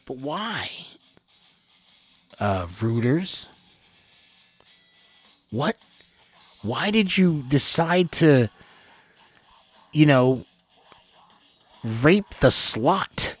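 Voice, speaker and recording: A man hosting a news commentary channel reads reports aloud in a husky, medium-pitched, sing-song voice, extremely slowly and with long pauses. He rambles, restarts often and mocks what he reads. Faint music plays behind the dull, lo-fi dry recording, which has no room sound.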